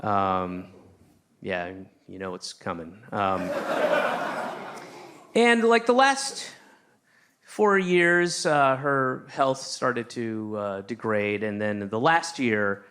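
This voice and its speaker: A man doing a stand-up routine, telling a rambling story with lots of restarts and sudden shouted outbursts. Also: on the low side, sing-song, extremely slow, pauses often, slight background noise. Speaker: stand-up comedian. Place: comedy stage with a live audience.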